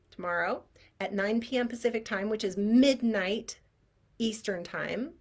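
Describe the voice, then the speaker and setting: Casting note: woman clairvoyant teacher, casual and animated, tosses in playful sound effects. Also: mid-range voice. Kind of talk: casual online class.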